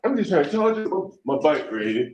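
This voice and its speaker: A man arguing with a tenant, staying calm and repeating himself, heard on an echoey phone recording. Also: fairly high pitch, brisk, muffled recording, slight background noise. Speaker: landlord. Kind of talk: tense argument.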